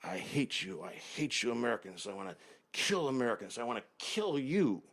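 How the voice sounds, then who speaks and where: A man's voice: mid-range voice, big pitch swings, brisk, a bit bright. A man putting on a volatile ranting sheik. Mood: menacing. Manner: ranting, threatening, broken phrasing. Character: volatile robed male sheik, menacing then sly trader.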